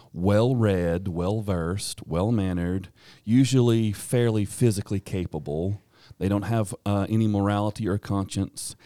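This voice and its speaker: A man with a rural American twang talks in a low, deep register. His delivery is loose and rambling, full of fillers and small chuckles. The sound is close and dry, as in a small studio. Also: warm tone, no room sound. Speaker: podcast co-host, teacher. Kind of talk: casual podcast chat.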